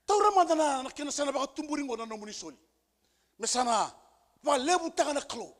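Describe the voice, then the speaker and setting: A male pastor preaching a sermon with emphasis, repeating key phrases and building to shouted peaks. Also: very high voice, lively intonation, quick pace. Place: church service.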